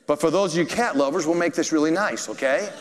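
A man preaching a sermon, telling a story with animated, chuckling emphasis, heard in an echoey hall. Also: fairly high pitch, fast talker, slight background noise.

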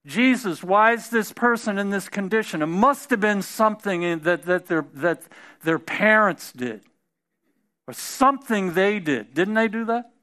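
High bright-voiced preacher man. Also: lively intonation, measured pace. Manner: conversational, repeats and restarts, builds to emphatic shouts. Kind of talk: sermon.

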